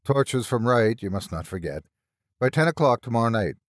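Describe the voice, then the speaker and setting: A male narrator voicing a formal, brisk country rector giving orders in a storybook reading. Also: mid-range voice, expressive, dry recording, studio quality, close to an everyday voice. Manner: brisk, formal and a little impatient. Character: brisk middle-aged country rector, impatient and proper.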